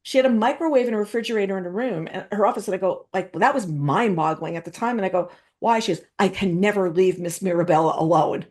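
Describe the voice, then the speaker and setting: Middle-aged woman, chatty host, lively anecdotes, laughs often. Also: medium pitch, fast talker, few pauses. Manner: lively storyteller, laughs often, quotes others. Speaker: interviewer and host. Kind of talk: casual anecdotal chat.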